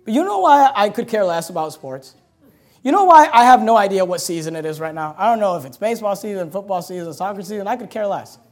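A man's voice: high voice, expressive, fast talker. A man preaching a sermon as pastor, emphatic and repetitive, with chatty asides. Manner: emphatic and repetitive, building to loud punches; conversational asides with laughs.

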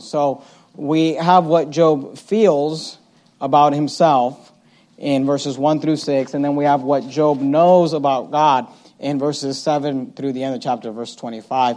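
Guy preaching a bible study, pretty high voice, lots of uh and um, reads a verse slow then says it plain. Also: warm tone. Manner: conversational, with many fillers and restarts; reads scripture slowly and paraphrases it in everyday speech. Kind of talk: expository Bible sermon.

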